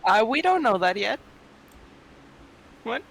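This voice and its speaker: A woman's voice: fairly high pitch, big pitch swings, slow, very noisy. A woman playing in a casual tabletop game who teases the others. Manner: teasing. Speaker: player.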